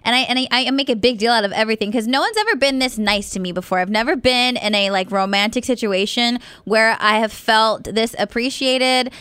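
Young woman radio host, chatty, says like a lot, smooth clear voice a bit high. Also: brisk, few pauses, no room sound. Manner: chatty, frequent "like", animated retelling, swears casually. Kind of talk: casual radio show chat. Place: radio studio.

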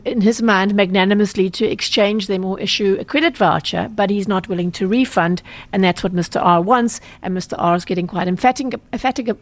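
A South African woman speaks as an interview guest, laying out consumer rules in a brisk, practical way. She stops often for an um and corrects herself mid-phrase. Her voice sits at an ordinary middle pitch for a woman. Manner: brisk and explanatory, with frequent ums and self-corrections. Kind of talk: explanatory radio interview answers.

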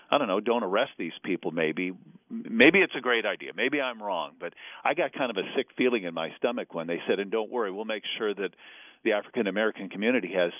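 A man, a radio host calling in as a guest, chatting in an animated, hyper way and laughing easily. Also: lowish voice, no echo. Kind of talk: casual radio chat over the phone. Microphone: telephone. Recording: tinny phone line, dry.

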